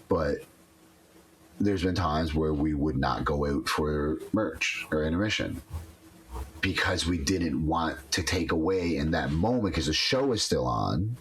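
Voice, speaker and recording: Low-voiced man telling wrestling stories. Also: slight background noise. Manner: storytelling, animated, many restarts. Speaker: podcast co-host, wrestler. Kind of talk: casual chat.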